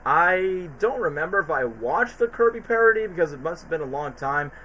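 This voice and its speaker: A man on a stream, excitedly retelling cartoon parody scenes and slipping into quick character voices. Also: a little high, highs cut off, a little hiss or hum. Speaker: stream co-host.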